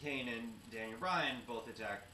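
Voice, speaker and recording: A man co-hosting a casual recap show, retelling events step by step with many "uh" pauses and a mock-stern streak. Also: mid-range voice, sharp tone. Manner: mock-stern about professionalism. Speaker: co-host of a wrestling recap show. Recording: roomy amateur recording with distant mic and faint noise.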